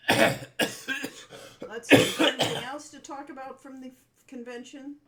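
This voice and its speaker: A woman's voice: sits high, steady tone, slow pace, a bit bright. Chatty woman co-hosting a stream. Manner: chatty, reminiscing, meandering. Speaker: co-host of a game developers' stream. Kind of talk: casual livestream chat.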